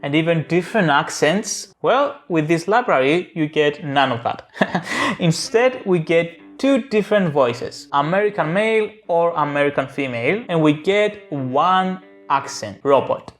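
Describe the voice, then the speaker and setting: A man's voice: fairly high pitch, lively intonation, unhurried, soft background music. A man who speaks English as a second language, hosting a casual tutorial vlog in a joking, playful, self-mocking way. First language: not English. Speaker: tech YouTuber.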